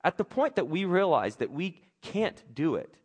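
A man's voice: normal speed, slightly rough. A man preaching a sermon, acting out scripture characters with big swings in his voice. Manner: animated, acts out characters' lines with big pitch swings. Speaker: pastor.

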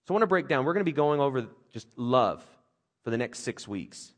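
Animated casual man preaching a sermon. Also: mid-range voice, fairly quick. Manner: animated, conversational, jokey, with playful voices for others. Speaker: pastor.

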